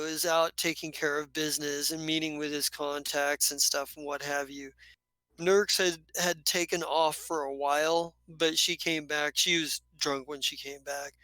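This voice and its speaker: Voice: medium pitch, fairly even intonation, unhurried, bright, forceful tone, clean tone, no echo. A game master narrating a tabletop game in a loose, rambling way full of fillers.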